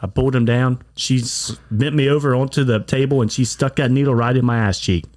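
A man's voice: medium pitch, fairly even intonation, fairly quick, darkish tone, no room sound, studio quality. A man co-hosting a podcast, telling a crude story in a blunt, casual way. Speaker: podcast co-host. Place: bar.

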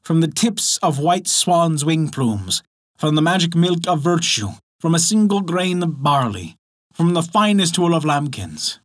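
A man voicing a flattering old female witch in a folktale, speaking slowly and ceremoniously. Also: a little high.

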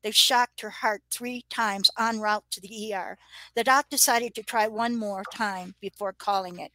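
A woman's voice: mid-range voice, fairly even intonation, normal speed, sharp tone, no room sound, low-quality recording. Older woman reading a dramatic true story. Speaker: nurse telling her own stories. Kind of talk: reading her own true story aloud.

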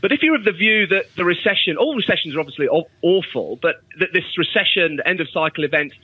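A man's voice: high-pitched, animated, quick pace, husky. A man, an investment strategist on a TV interview, who speaks hesitantly, hedging and restarting his phrases. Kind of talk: TV business interview. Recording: tinny phone-line quality.

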